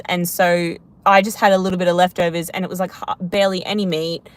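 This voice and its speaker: A woman's voice: on the low side, fairly even intonation, fairly quick, fairly bright tone. A chatty woman in her thirties, answering viewer comments on a livestream. She rambles from one thought to the next, pokes fun at herself, and keeps an easygoing, conversational flow. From Australia. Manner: rambling, chatty, self-deprecating. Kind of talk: casual live Q&A chat.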